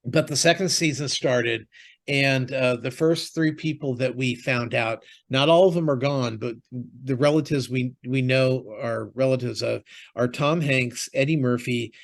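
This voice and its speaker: A man's voice: medium pitch, unhurried, creaky. A man co-hosting a podcast, chatting casually about TV shows and movies, rambling with lots of fillers and restarts. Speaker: podcast co-host.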